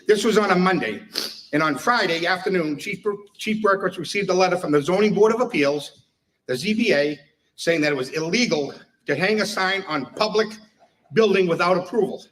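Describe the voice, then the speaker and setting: A man's voice: sits high, a bit bright, recorded from a distance. A man giving a humorous retirement speech, telling stories and laughing at his own jokes. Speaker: speaker at a retirement tribute.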